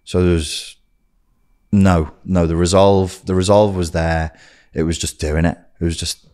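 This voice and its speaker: A man with a notably low, deep voice talks candidly as a podcast guest. He is blunt and sweary, and he slips into the voices of the people he quotes as he tells his story. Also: fairly even intonation, measured pace, a little mellow. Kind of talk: candid personal storytelling in an interview.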